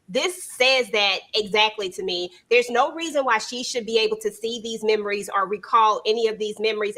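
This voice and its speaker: A woman's voice: mid-range voice, sharp tone. A woman on a TV recap panel, chatting loosely and sometimes stumbling over her words. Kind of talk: casual TV recap chat.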